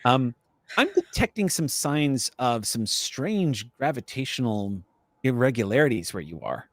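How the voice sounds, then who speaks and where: A man's voice: mid-range voice, very animated, a little slow, a bit bright, dry recording. A man voicing a friendly alien science officer from an ice world, chatty and apologetic, speaking over a communicator. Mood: relieved. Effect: communicator transmission.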